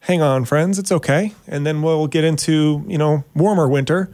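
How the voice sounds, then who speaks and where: At a moderate pace, a man hosts a weekend radio talk show, and he's also a realtor, joking and self-mocking about his subject with animated, sudden pitch jumps. The sound is studio quality, with no room sound.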